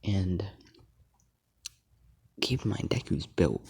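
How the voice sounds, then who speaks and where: A man tells a made-up fan story in a deep, slow, unhurried way. His voice is gravelly and husky, with a dark, mellow tone. He rambles and stops to think, and often drops to a half-whisper. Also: animated. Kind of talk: casual improvised fan story narration.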